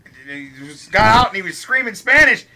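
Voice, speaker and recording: A young man from Ohio telling a wild story while playing a game, swearing constantly and animated. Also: high voice, brisk, creaky. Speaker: let's play co-host. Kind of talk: profane storytelling during a game.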